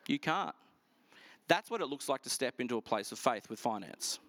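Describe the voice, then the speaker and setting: A middle-aged man preaching a sermon, telling stories in a lively, animated way. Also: medium pitch, dry recording. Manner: lively, animated storytelling with quick asides. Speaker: pastor. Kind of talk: storytelling sermon.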